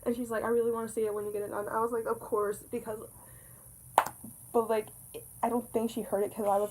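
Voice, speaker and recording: A young woman vlogger telling a story in an excited, breathless way, full of "like"s. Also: fairly high pitch, fast, over music, poor audio. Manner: excited, breathless retelling with many "like"s. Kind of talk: casual storytime.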